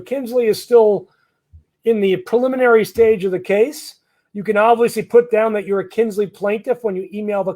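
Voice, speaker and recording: A lawyer speaks in a high voice as he answers viewer questions in a live session. He is blunt and conversational, full of ums and false starts. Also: darkish tone. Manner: blunt, conversational, many fillers and restarts. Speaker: immigration lawyer.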